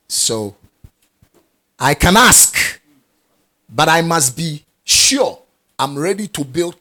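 Male preacher, husky voice, animated pitch, deliberate emphatic delivery. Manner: emphatic, repeats key phrases, asks the congregation questions. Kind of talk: sermon.

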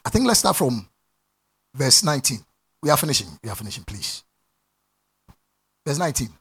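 A man preaching a sermon to a congregation, repeating phrases, laughing and breaking into shouts. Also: medium pitch, big pitch swings, moderate pace, long pauses, husky. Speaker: pastor. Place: church before a congregation.

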